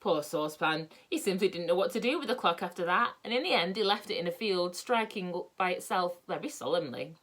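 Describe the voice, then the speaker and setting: A woman reading a children's book aloud in a lively, expressive way. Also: fairly low pitch, fast talker, few pauses. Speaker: storyteller.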